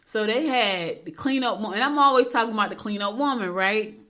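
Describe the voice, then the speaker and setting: A middle-aged woman hosting a horoscope segment, giving chatty advice and telling quick storytelling asides. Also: medium pitch. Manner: talks fast when excited. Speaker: radio show host. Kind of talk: casual horoscope segment with chat.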